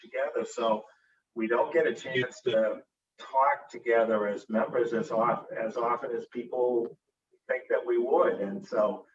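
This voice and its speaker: A man's voice: mid-range voice, steady tone, measured pace, slight background noise. A man with a Boston accent, a school committee member giving friendly closing remarks at an online meeting, with many fillers and restarts. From Boston, USA. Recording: dull lo-fi call audio.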